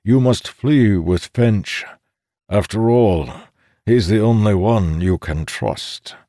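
Man putting on a slow, scolding old codger. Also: fairly low pitch, mellow, no room sound, clean studio sound, voice pushed up. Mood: stern. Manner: slow, firm, lecturing.

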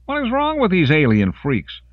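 A panicky young soldier shouting with a hysterical edge, as a man puts him on. His voice jumps high and strains. It is a slightly muffled, dry studio read. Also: wildly swooping pitch, moderate pace, no echo, full character voice. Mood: frantic.

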